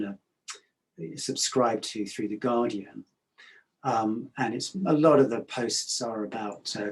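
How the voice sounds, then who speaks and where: A middle-aged man giving a reflective talk, calm and measured, pausing often with hesitations. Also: mid-range voice, low-quality recording.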